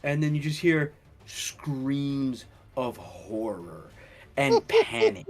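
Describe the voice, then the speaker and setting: A young man running a tabletop game as dungeon master, telling the scene in an animated way and laughing often. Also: mid-range voice, faint music behind. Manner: slow, animated storytelling with laughter.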